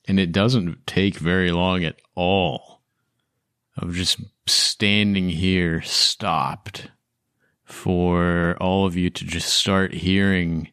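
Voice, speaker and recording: A man narrating a tabletop role-playing game as game master, describing the scene slowly. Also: deep voice, a bit bright, clean tone, no room sound, studio quality.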